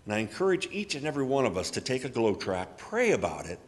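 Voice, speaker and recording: A man's voice: mid-range voice, sing-song, quick pace. A man giving church announcements and a sermon, chatty and folksy. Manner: folksy, chatty, tells anecdotes with acted quotes. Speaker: literature ministry speaker. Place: church hall. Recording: long hall reverb.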